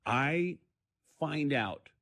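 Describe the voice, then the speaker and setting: A male comedian, a guest on a radio show, telling animated stories and acting out the quotes in different voices. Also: a little high, extremely slow. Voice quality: acts out quotes in many voices.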